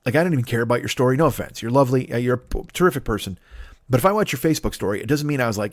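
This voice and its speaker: Comedian guy rambling on his podcast, swears a lot, mid pitch, dead dry sound. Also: lively intonation, rapid-fire, no room sound. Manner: rambling, profane, playful.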